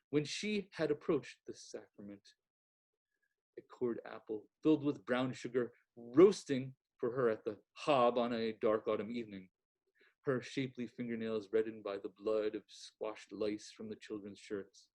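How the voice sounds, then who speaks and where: A man and library director reading a classic novel aloud in a measured, expressive way. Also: mid-range voice.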